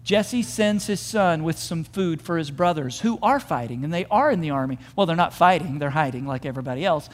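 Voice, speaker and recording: A man with a high voice preaches a sermon, retelling a story with animated energy and jumping into the voices of the people in it. His words ring out with a long reverb, as if he is speaking in a large hall. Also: fairly quick, hardly any pauses. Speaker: pastor.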